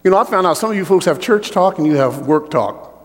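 A man preaching a sermon with personal testimony in an animated way, joking with the congregation. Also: sits high, fast, big-room sound.

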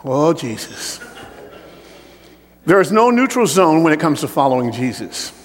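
A man preaching a sermon with personal testimony in an animated way, joking with the congregation. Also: a little high, a little slow, big-room sound.

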